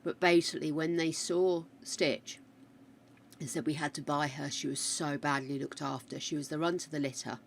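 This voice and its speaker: A woman's voice: sits low, fairly even intonation, normal speed, gravelly, slight background noise. A British woman streaming a game, rambling chattily through a story and answering her chat. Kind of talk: casual chat while gaming.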